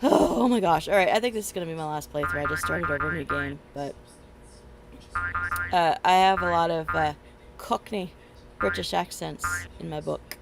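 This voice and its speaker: A woman's voice: lowish voice, moderate pace, creaky, poor audio. A middle-aged woman streaming a game, chatting in a rambling way and laughing often. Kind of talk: casual chat while gaming. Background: game music.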